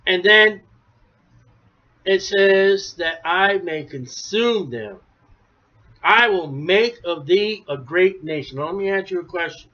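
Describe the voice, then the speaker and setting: A man preaching a sermon, emphatic, rising to near shouts then dropping low. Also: animated, takes it slowly. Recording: dull lo-fi recording.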